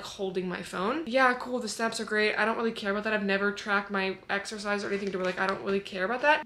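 A woman in her twenties chatting casually to her phone camera at home, gushing and excitable, swearing freely as she shows off her haul. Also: mid-range voice. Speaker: fitness vlogger. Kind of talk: casual vlog chat.

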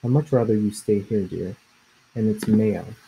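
A steady elephant matriarch, calm and commanding, with a gravelly, deep and very dark voice, read by a man. She sounds protective and firm in every word. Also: moderate pace, slight background noise, low-quality recording. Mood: gentle but firm.

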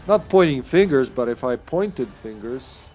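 A man commenting on his own online game as he plays, swearing often and sometimes shouting at the screen. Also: medium pitch, expressive, a little slow, music in the background. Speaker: streamer. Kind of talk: live gameplay commentary.

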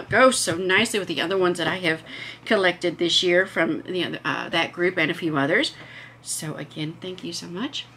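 Woman, vlog host, chatty, enthusiastic, bright tone, faint background hiss. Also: mid-range voice. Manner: chatty, enthusiastic, gushing over items.

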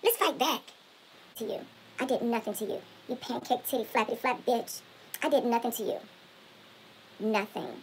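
A woman doing a shrill foul-mouthed vlogger diva. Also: moderate pace, long pauses, slight background noise, lightly acted, poor audio. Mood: taunting. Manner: profane, insult-hurling trash talk. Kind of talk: comedic spoof rant.

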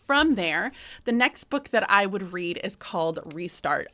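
A woman's voice: fairly low pitch, moderate pace, pushed and bright. A middle-aged woman teacher talking casually about favorite class books, chatty and enthusiastic, with frequent fillers and restarts. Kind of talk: casual book-recommendation vlog.

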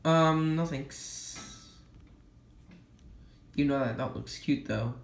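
A man hosting a logo history video, talking casually and playfully, cracking jokes and quickly correcting himself. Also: medium pitch, vocal fry, reverberant, slight background noise. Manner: playful and jokey, self-correcting with quick apologies. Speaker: YouTube logo history host. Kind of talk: casual explanatory commentary.

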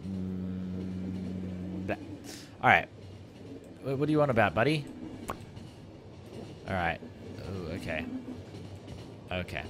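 A man hosting a gaming channel, giving animated let's-play commentary and exclaiming at the screen. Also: low voice, slow, long pauses, over music. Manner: animated, exclaiming, addresses viewers as legends.

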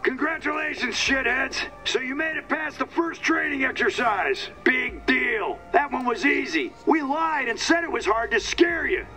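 A man's voice: very high voice, animated, normal speed, hardly any pauses, poor audio. A man playing a mocking, sadistic male drill instructor who taunts and barks orders. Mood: taunting. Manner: taunting, barking. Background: game music.

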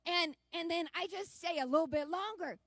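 A woman's voice: very high-pitched, moderate pace, no echo, clean studio sound. A woman quoting the eager, curious words of a little girl while telling a sermon story. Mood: excited. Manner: excited, eager questions.

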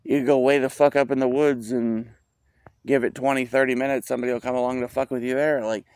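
A man's voice: medium pitch, little pitch movement, fast, darkish tone, clear, resonant tone, dry recording. A man rambling outdoors in a park, profane and meandering, trailing off with a rueful tone.

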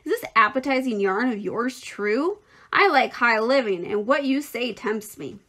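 A woman's voice: a little high, animated, measured pace, sharp tone, full character voice. A woman voicing a greedy, grumpy male rat in a storybook, grumbling. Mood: eager.

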